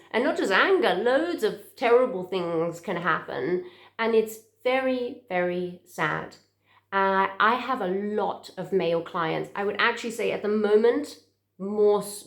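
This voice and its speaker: A woman speaks earnestly to camera as a therapist, in a middle-pitched voice. She talks in a heartfelt way and restarts and repeats words as she searches for them. The room around her is echoey.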